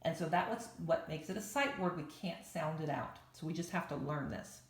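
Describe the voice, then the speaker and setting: A woman teacher giving a reading lesson to young children, spelling words out slowly and clearly. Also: deep voice, roomy sound. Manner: slow, clear spelling out of letters for young learners.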